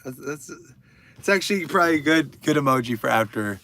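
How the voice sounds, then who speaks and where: A man's voice: mid-range voice, animated, a little fast, gravelly, fairly bright tone, no echo. A man in his thirties hosting a livestream, casually reading viewer comments and answering them with crude, rambling jokes. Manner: joking, crude and rambling, addressing viewers by name. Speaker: livestream host.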